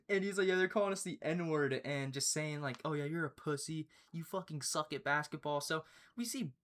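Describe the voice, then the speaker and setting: A young man telling a story in casual chat, excitable and profane, often breaking into laughter. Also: a little high, normal speed. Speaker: storyteller, channel host.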